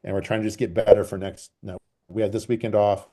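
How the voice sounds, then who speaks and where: A man who coaches track and field, answering interview questions in a relaxed, rambling way and repeating phrases for emphasis. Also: fairly low pitch, fast talker. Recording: call recording.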